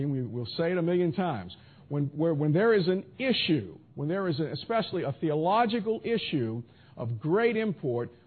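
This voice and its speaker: A man's voice: a little high, husky. A man preaching a sermon in an emphatic style, asking rhetorical questions and answering imagined objections. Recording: tinny phone-like audio.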